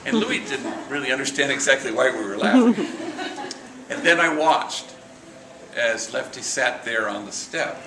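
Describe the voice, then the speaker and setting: A middle-aged priest with a mid-range voice gives a relaxed storytelling reflection at a morning meeting, sprinkling in Spanish slang and acting out the voices of people he quotes. The recording is noisy, echoey and captured from far off.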